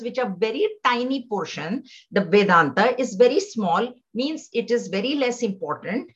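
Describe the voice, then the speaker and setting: A woman teaching scripture to a class, patiently explaining, repeating phrases and chanting some of them slowly. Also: on the high side, slightly rough. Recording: dull lo-fi sound.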